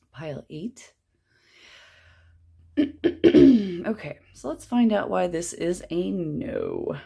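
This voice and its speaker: A woman's voice: medium pitch, vocal fry, warm tone. A woman giving a casual, chatty tarot reading, rambling as she lays out cards. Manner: chatty, rambling, drops to a whisper at times. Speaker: tarot reader.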